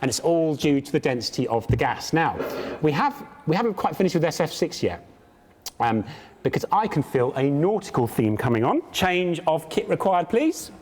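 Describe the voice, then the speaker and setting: A man hosts a comic science demonstration on a live stage, his voice a little high and swooping around a lot. He keeps up a theatrical, joking patter with mock pomposity. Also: big pitch swings, moderate pace, darkish tone. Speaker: science show presenter. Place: live stage show at a large public event.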